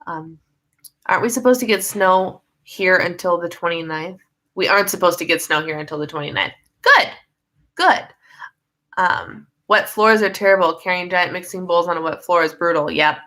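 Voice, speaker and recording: A young woman hosts a relaxed livestream from home. Her voice is bright and a little low-pitched, and she rambles freely, often laughing in the middle of a sentence. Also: moderate pace. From United States. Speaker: livestream host reading viewer comments. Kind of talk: casual live chat.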